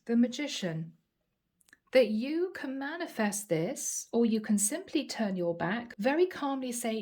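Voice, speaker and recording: A woman with a fairly high, mellow voice gives a channeled tarot reading. She talks in a calm, reassuring way and speaks straight to the listener. She repeats key phrases to let them sink in. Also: unhurried. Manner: addresses the listener directly by sign. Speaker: tarot reader.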